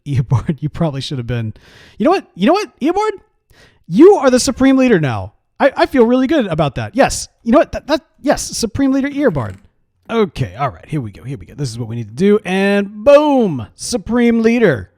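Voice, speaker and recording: A man's voice: a little high, darkish tone, dry recording, studio quality. A man giving casual, rambling gameplay commentary in a playful, coaxing way. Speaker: game series player.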